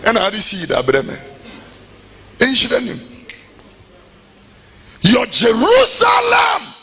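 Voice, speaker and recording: Lively preaching man. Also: high voice, unhurried, vocal fry, noisy background. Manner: lively, shouts and sings phrases. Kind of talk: preaching clip.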